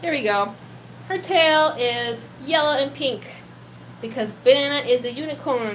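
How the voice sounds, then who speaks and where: Chatty woman with a high voice. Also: unhurried, fairly bright tone, slight background noise, rough recording. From Poland. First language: Polish. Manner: chatty, giggly, breaks into baby talk with her pet. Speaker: pet-keeping live streamer. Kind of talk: casual live-stream chat reading comments.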